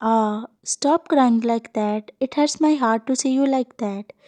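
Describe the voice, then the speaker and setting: A woman voicing a smirking teenage boy who bullies, speaking slowly and mockingly. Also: on the high side, a little mellow, close to an everyday voice. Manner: slow, mocking.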